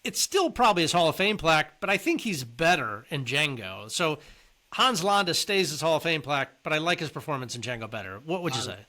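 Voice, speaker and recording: Male co-host, casual chat, bright and slightly high, keeps asking his partner questions. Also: sing-song, fairly quick. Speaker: podcast co-host.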